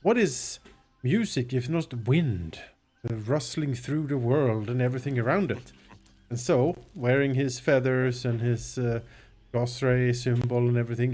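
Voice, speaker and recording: A man playing a character in a tabletop game, speaking in slow, grand, formal phrases mixed with fillers. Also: mid-range voice, darkish tone. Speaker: player. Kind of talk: in-character tabletop role-play.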